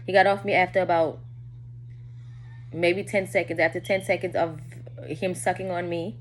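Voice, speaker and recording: A woman telling a personal story to her viewers in a candid, casual way, often dropping low and quiet. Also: flat delivery, normal speed, a little hiss or hum.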